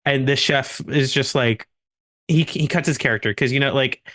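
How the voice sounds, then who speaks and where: A man's voice: mid-range voice, moderate pace, a bit bright. A man co-hosting a podcast, telling a long anecdote casually among friends, full of restarts and laughter. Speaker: podcast co-host.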